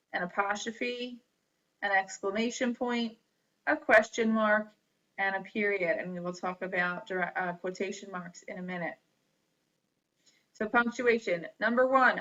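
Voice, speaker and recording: A woman gives a grammar lesson at a very unhurried pace, pausing between each item and spelling words out letter by letter. Her voice has a bright, crisp edge. The recording sounds dull and lo-fi. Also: medium pitch. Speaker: teacher. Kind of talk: slow classroom lecture on grammar.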